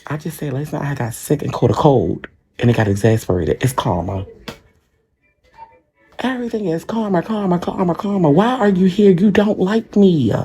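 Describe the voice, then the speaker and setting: A man's voice: on the high side, warm tone. A man livestreaming from a hospital room on a phone mic, talking straight to his commenters in a defensive, repetitive rant.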